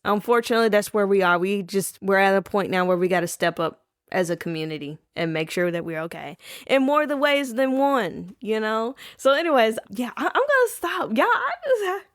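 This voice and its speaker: A woman's voice: mid-range voice, smooth, no room sound, clean studio sound. A woman hosting a casual solo podcast, rambling playfully and calling listeners baby and y'all. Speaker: podcast host. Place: home, recording at night.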